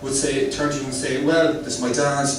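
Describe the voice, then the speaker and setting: A man's voice: medium pitch, level tone, fairly quick, noisy background. A man from the west of Ireland with an Irish accent, doing a chatty, rambling stand-up set and quizzing the crowd. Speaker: stand-up comedian. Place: comedy club. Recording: echoey club from far off.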